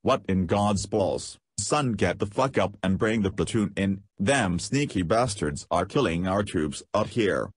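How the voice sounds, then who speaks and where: A man's voice: deep voice, animated, measured pace, hardly any pauses, slightly rough, dry recording, clean studio sound, full character voice. A man voicing an ill-tempered army commander who barks profane orders in an audiobook. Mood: angry.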